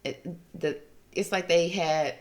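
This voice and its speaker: A woman's voice: on the low side, slow pace. A woman hosting a tarot reading, talking in a sassy, gossipy way and calling listeners honey and baby. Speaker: tarot reader host. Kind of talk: casual tarot reading commentary.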